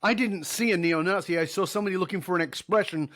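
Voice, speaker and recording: A middle-aged man with a high, fairly bright voice talks fast, telling a conversational story as a podcast guest. A leadership speaker, he acts out the dialogue and laughs along.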